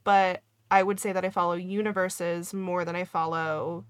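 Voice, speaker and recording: A woman co-hosting a casual book-club podcast, talking in an animated, emphatic way with quick joking asides. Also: fairly low pitch, clean tone, dry recording. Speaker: podcast co-host.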